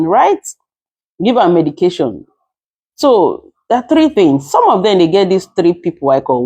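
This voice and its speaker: In a casual advice talk to camera, a Nigerian-accented caregiver and content creator lectures emphatically, mixing in Nigerian Pidgin. She has a lowish, mellow voice, and the recording is dry.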